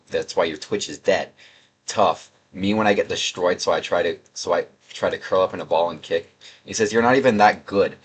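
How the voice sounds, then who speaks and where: A young male gaming video creator gives casual, sarcastic commentary, reading chat messages in a rambling, mocking way. His voice sits low with a fairly bright, husky tone.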